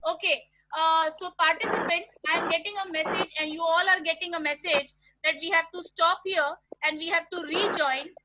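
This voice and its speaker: A woman with a very high voice gives an online lecture to teachers over a video call. She explains each point slowly and speaks straight to the participants. Loud noise sits under her voice throughout. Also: fairly even intonation. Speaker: teacher trainer leading a webinar.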